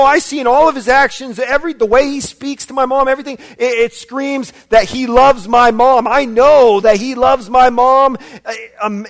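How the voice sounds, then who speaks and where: High-voiced, animated American preacher. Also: male voice. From United States. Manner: animated, swings from quiet asides to loud shouts. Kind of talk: sermon.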